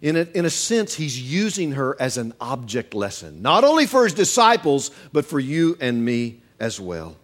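A middle-aged male pastor preaching a sermon, animated and acting out quoted voices with humor. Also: mid-range voice, normal speed, hardly any pauses.

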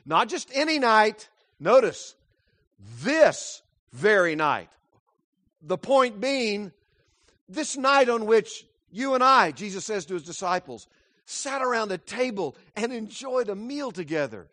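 A male pastor preaching a sermon, dramatic, swinging between loud emphasis and hushed asides. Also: high-pitched, lively intonation, a little slow, no room sound.

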